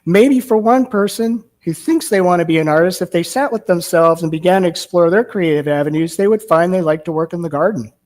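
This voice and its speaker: A man's voice: sits high, brisk, few pauses. Man giving a sermon. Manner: storytelling, warm-paced with rhetorical questions. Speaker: minister. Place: church sanctuary.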